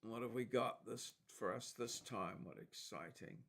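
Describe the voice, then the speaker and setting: A man's voice: lowish voice, moderate pace, creaky, few pauses. A man hosting, casually reading out and chuckling over social media posts. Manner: chuckling, relaxed, amused. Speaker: host.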